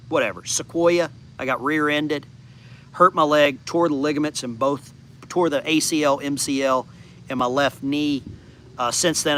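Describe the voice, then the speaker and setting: A man's voice: medium pitch, pushed and bright, a little hiss or hum. A man in his fifties from the United States, hosting a casual backyard chat and rambling through answers to viewer comments. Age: 50s. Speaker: channel host. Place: outdoors in a backyard.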